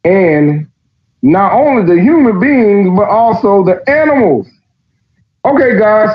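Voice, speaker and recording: A man hosting a podcast, giving profane, sarcastic, animated commentary as he reads a text aloud. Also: high-pitched, a little slow, lo-fi sound, a little hiss or hum. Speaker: podcast host. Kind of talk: mocking commentary while reading aloud.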